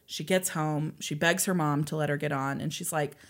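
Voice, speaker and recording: Lower-voiced woman telling a story. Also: moderate pace. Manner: animated, acts out quoted voices in storytelling. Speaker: podcast co-host. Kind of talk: casual storytelling chat.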